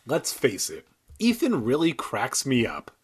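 A man reads a children's novel aloud with a husky, grainy voice, sliding over a wide pitch range. He keeps stopping for crude, irreverent jokes between passages. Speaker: comedic reader. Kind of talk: comedic book reading with riffs. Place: San Diego.

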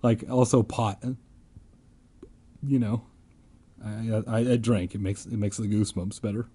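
A man reading a kids' book aloud, breaking off for deadpan, sarcastic comedic asides. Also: lowish voice, measured pace, breathy edge. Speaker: comedic audiobook reader.

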